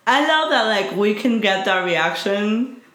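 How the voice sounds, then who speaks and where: A woman's voice: mid-range voice, expressive, unhurried, fairly bright tone. Joking woman with a roomy echo. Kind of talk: casual chat about a TV episode.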